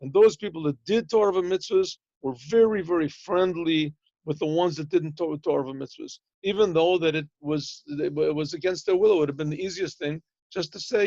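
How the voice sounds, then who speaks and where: A man's voice: a little high, moderate pace, darkish tone, dry recording. Male rabbi, lesson tone, acts out small dialogues in his stories, slightly muffled lo-fi call audio. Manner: explains in plain talk, translating Hebrew phrases as he goes. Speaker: rabbi teaching a yeshiva class. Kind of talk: Torah lesson over a video call.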